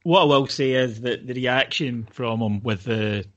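A man's voice: mid-range voice, measured pace, dull audio. A man with a mid-range voice co-hosts a football podcast. He argues his points articulately and at length in a casual, conversational way. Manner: articulate and argumentative. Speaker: podcast co-host.

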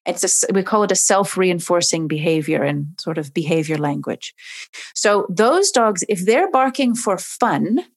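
Woman, dog behavior expert, interview talk, animated, plays out little voices. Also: on the low side, normal speed. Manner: lively, acts out dogs and owners in voices.

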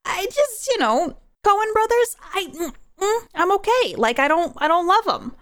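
A young woman hosting a podcast, chatting casually on her own, animated and prone to rambling tangents. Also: very high-pitched, unhurried, no room sound, studio quality. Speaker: podcast host. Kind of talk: casual solo movie chat.

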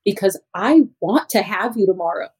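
A woman's voice: mid-range voice, animated, normal speed, darkish tone, slightly rough. A young woman teacher chatting as a podcast guest. She talks animatedly, laughs often and acts out her students' voices. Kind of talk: casual interview chat.

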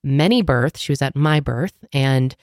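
A woman's voice: extremely low pitch, a little slow, a little mellow, no echo, studio quality. A woman co-hosting a casual podcast chat, congested with a sore throat, rambling with lots of fillers. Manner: rambling, filler-heavy, laughs often. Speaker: podcast co-host.

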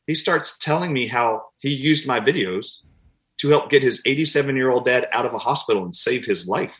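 Man, interview guest, lively storyteller, mid-pitched voice, quotes people in character. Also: fairly quick. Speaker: guest doctor. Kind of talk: conversational interview.

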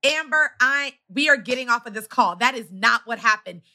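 A woman hosts a conversation with a guest. Her voice is bright and clear, and she responds with affirming remarks before she steers the talk onward. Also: fairly high pitch, animated, moderate pace. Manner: warmly affirming, attentive listener. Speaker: podcast host. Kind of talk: interview conversation.

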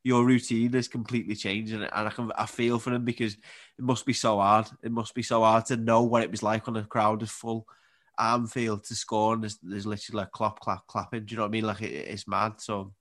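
A man in his twenties with a Scouse accent, chatting as a podcast guest and telling animated stories that he laughs through. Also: fairly low pitch, a little fast. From Liverpool area, England. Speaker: guest, Paralympic table tennis player. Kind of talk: casual storytelling.

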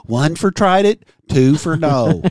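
A man's voice: on the high side, expressive, slow pace, darkish tone, dry recording, studio quality. A man co-hosting a comedy podcast, teasing his partner and swearing freely. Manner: laughing, profane, teasing. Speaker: co-host. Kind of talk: crude comedy podcast banter.

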